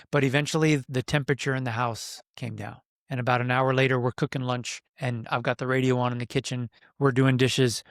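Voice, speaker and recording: A man's voice: mid-range voice, clean tone, no echo, clean studio sound. A middle-aged man, a coach for men, telling a personal story on a podcast in an earnest, reflective way and acting out his own inner voice. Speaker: podcast guest, men's coach.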